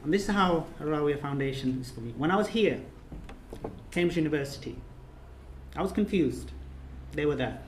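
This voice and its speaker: A course trainer delivers an emotional closing speech in the reception room of a residence. His fairly high voice is animated and moderately paced, earnest, repetitive, and emphatic. The room echoes, with faint ambience and slight background noise.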